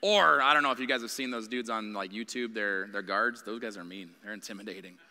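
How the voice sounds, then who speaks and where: Bright-voiced man preaching in a reverberant church. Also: fairly low pitch, fairly quick. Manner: candid, conversational preaching. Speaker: guest preacher. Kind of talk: sermon. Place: church sanctuary. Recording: long reverb of a church hall.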